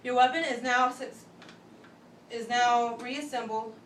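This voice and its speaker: A young woman giving a step-by-step class demonstration speech, talking methodically with pauses and restarts. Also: a little high, steady tone. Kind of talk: step-by-step instructional demo. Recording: echoey room, voice from a distance, faint background hum.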